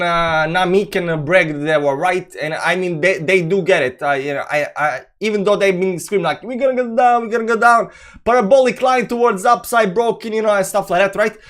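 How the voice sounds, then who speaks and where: A man's voice: on the high side, a bit bright. A young man with a speech pattern hosts a casual crypto livestream, reading chat comments aloud and rambling with many fillers and restarts.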